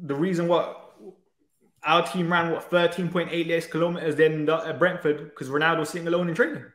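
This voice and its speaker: A man's voice: a little high, flat delivery, fairly quick, fairly bright tone, echoey room. A man, arguing insistently and with exasperation in a heated football debate. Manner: exasperated, insistent, talks over the other man. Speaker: debate guest.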